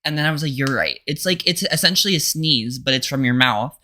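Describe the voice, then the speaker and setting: A young man co-hosting a comedy podcast, telling stories in a camp, animated way with acted quotes. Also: fairly high pitch, fast talker, a little hiss or hum. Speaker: podcast co-host. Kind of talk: casual comedic chat.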